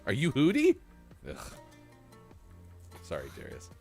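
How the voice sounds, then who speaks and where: Man, morning show host, casual chat, joking, animated pitch, faint music behind. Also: moderate pace. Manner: lively, joking, rambling delivery. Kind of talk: casual live-stream radio chat.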